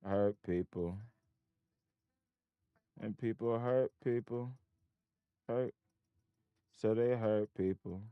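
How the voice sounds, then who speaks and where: A man's voice: on the low side, slow, pauses often, clear, resonant tone, no room sound, phone-quality sound. A man streaming live market trades, muttering to himself and breaking into frustrated, swearing outbursts. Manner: self-critical, talking to himself.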